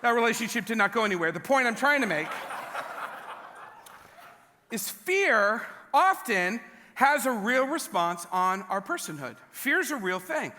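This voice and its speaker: A young adult man preaching in a large church hall, telling a funny story about himself with lots of animation. His voice sits high for a man, with a bright, forceful edge. The long reverb of the hall trails behind every phrase. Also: a little slow, slight background noise. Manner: animated storytelling, self-mocking humor. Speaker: pastor. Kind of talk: sermon.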